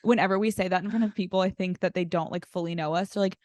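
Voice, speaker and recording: Woman guest on a podcast, lowish voice, super dry close mic, tells stories and does little voices for people. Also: racing, dry recording. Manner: animated storyteller acting out quotes. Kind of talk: casual chat.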